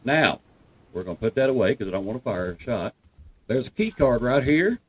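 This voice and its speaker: Folksy Southern man with a lively voice. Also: medium pitch, brisk, husky. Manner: folksy and reassuring, addresses viewers as folks. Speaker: gameplay guide. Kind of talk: walkthrough commentary over gameplay.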